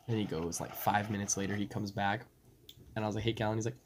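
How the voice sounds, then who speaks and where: A man's voice: on the low side, rapid-fire, a little mellow, slight background noise. A young man on a podcast, telling stories casually, laughing and quoting friends in raised voices. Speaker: podcast co-host. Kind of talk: casual storytelling.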